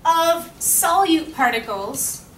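A woman teaching high school chemistry in a classroom lecture. She asks the class questions and repeats their answers back to them. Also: lively intonation, slow pace, slight background noise. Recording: echoey classroom, mic at a distance.

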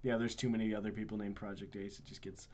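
A man's voice: on the low side, little pitch movement, fast, darkish tone. A man co-hosting a podcast in casual chat, teasing his friends and laughing often. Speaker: podcast co-host.

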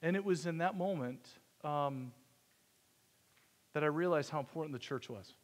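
Man, pastor, conversational sermon, self-deprecating humor, higher voice, long church reverb. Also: moderate pace. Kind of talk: sermon storytelling. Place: church sanctuary.

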